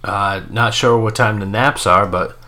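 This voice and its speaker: Middle-aged male co-host, teasing and playful, low voice with a crisp edge. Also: a little slow, pushed and bright. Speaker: podcast co-host. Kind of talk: casual live-stream chat.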